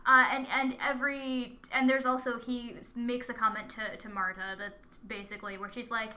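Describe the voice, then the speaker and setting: A woman's voice: a little high, little pitch movement, normal speed, pushed and bright. A woman in casual conversation, recapping a film's plot with hesitant fillers and restarts. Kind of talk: casual movie recap chat.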